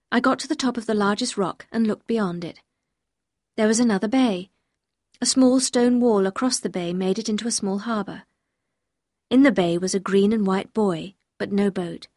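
Woman narrator, audiobook reading, clear measured delivery, medium pitch. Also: dry recording, clean studio sound. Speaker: audiobook reader. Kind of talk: scripted storybook narration.

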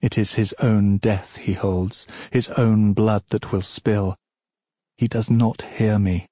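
Slow, husky male audiobook narrator. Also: fairly low pitch, steady tone, mellow, no room sound, clean studio sound. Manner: measured, solemn storytelling.

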